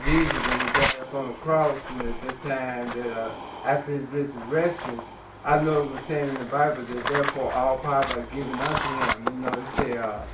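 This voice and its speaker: A man in a Bible study group, talking in a rambling, halting way with many fillers. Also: mid-range voice, fairly even intonation. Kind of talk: group discussion. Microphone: far from the mic. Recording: echoey, distant, noisy room.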